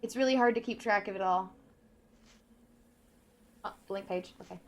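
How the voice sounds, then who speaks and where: A woman playing a video game, reading in-game notes aloud slowly and carefully, breaking off now and then to comment. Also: medium pitch. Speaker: let's play gamer.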